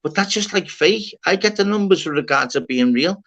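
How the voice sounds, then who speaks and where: Scouse guy hosting a call panel, bright punchy voice, bit high, swears a lot, keeps repeating stuff. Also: animated, fairly quick. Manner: swearing, enthusiastic, repeats himself. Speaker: host. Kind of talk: casual livestream chat.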